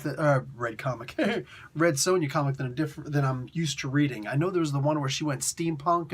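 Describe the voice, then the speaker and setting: A man's voice: mid-range voice, slightly rough. A man casually reviewing a comic book in a laid-back, slangy, rambling way.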